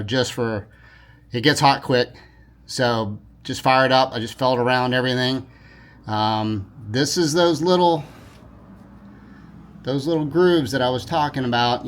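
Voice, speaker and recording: A man's voice: mid-range voice, a bit bright. Guy narrating his own diy repair, laid back, keeps saying sorry and correcting himself. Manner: informal, self-correcting, apologetic asides. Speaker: DIY repair video host. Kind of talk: casual how-to narration.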